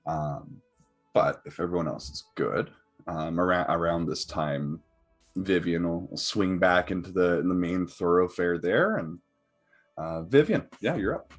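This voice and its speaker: Deep husky-voiced male game master. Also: measured pace, faint music behind. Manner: hesitant, lots of fillers and restarts. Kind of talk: narrating a tabletop game.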